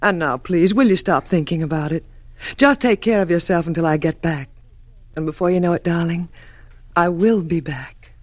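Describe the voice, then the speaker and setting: An actress playing a successful fashion designer wife in a 1940s radio drama, soothing and gentle. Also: female voice, lowish voice, moderate pace, close to an everyday voice. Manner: gentle, soothing, then frantic.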